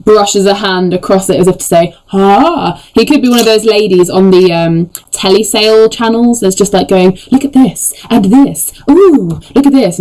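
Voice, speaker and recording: A game master narrating a tabletop game in a relaxed, descriptive way. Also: mid-range voice, a little hiss or hum, low-quality recording.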